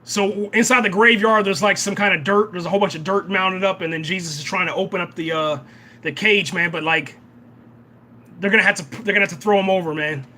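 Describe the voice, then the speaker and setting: A young man hosting a live reaction and review of a TV episode, excitable, often repeating himself and tacking "man" onto his sentences. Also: high voice, brisk, a little hiss or hum. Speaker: reaction channel host.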